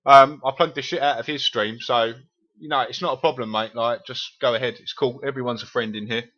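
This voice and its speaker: A man's voice: medium pitch, steady tone, fairly quick, pushed and bright, muffled recording. A man from East London with a Cockney accent, chatting casually and swearing freely with viewers while streaming a game. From England.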